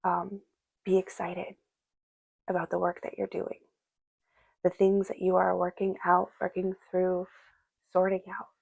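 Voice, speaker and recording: A woman's voice: lowish voice, monotone, measured pace, creaky, pauses often, a little mellow, dry recording, highs cut off. A woman giving a casual spoken tarot reading, musing aloud and speaking directly to the spirits and to her viewers. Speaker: tarot reader.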